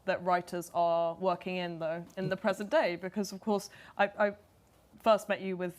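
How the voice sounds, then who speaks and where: A woman hosts a live onstage interview. She puts her questions in a measured, articulate way. Her voice sits on the low side. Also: level tone. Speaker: interviewer and host. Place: event before a live audience.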